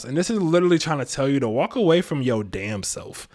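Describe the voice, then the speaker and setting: A man's voice: mid-range voice, expressive, quick pace, hardly any pauses, a little mellow. A man giving a casual live tarot reading, slangy and laid-back, chuckling to himself. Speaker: tarot reader and astrologer.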